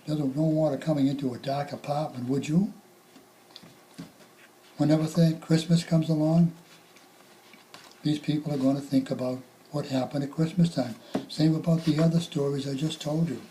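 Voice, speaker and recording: Older man recounting fire calls, bright. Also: a little high, steady tone, slight background noise, low-quality recording. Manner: halting, reflective, repeats words. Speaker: retired firefighter telling stories. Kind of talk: spoken reminiscence.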